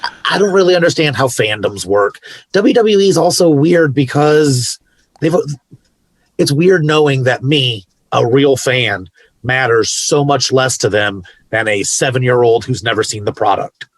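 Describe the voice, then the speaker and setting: A man's voice: mid-range voice, a little slow, no room sound. A man co-hosting a podcast in casual chat, giving laid-back, opinionated takes with loose asides. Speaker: podcast co-host.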